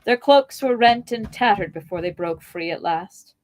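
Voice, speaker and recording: A woman hosting a podcast, reading a novel aloud in a measured, expressive way with playful asides. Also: mid-range voice.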